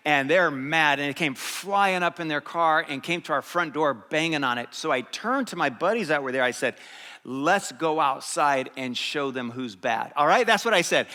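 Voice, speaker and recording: Bright-voiced man preaching in a reverberant hall. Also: a little high, a little fast, hardly any pauses. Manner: animated, lively storytelling with laughter. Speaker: pastor. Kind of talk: sermon with personal storytelling. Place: church.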